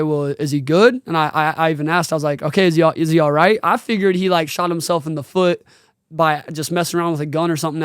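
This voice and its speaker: A man's voice: fairly high pitch, clear, resonant tone, no room sound, clean studio sound. A man in his twenties, a podcast host, telling a personal story in an earnest, casual way with slang, choked up at times. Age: 20s.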